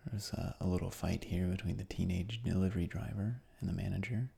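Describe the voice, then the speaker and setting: Low gravelly breathy man, half-whispering. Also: brisk, hardly any pauses. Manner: relaxed, rambling, slips into whispers. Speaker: podcast host. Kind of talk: soft sleep podcast recap.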